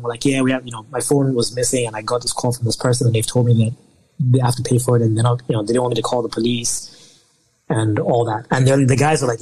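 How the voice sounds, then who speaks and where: A young man from Nigeria, a podcast guest telling a long story in casual interview talk, animated and often laughing. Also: medium pitch, quick pace, slightly rough, low-quality recording.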